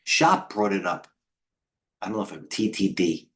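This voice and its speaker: A middle-aged man hosting a live trading stream, talking in a rambling, excitable way and chatting with viewers. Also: deep voice, moderate pace. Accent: New York. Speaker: trading coach hosting a livestream. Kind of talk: casual live market commentary.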